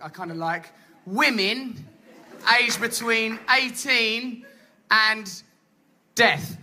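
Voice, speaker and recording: A man's voice: high voice, drawn-out words, pauses often, noisy background. A man with an English accent performing a theatrical, flamboyant stand-up comedy routine on stage. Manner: theatrical, flamboyant, mock-grandiose. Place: comedy stage before a live audience.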